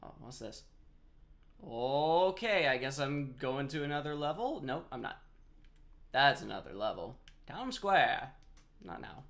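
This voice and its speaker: A man's voice: mid-range voice, very animated, unhurried, fairly bright tone. A man on a headset mic giving casual live game-stream commentary, chatty and rambling as he answers chat while he plays.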